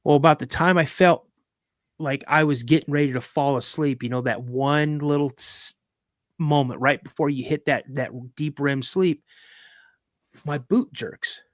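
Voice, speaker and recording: A man's voice: a little high, fairly even intonation, a little slow, no echo, clean studio sound. A man hosting a live podcast, retelling a personal story vividly with frequent restarts. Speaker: podcast host.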